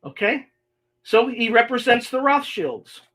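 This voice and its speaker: A man's voice: extremely high pitch, very animated, measured pace, sharp tone. A man hosting a livestream podcast, talking casually and reading emails aloud with exasperated, sarcastic asides. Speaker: podcast host.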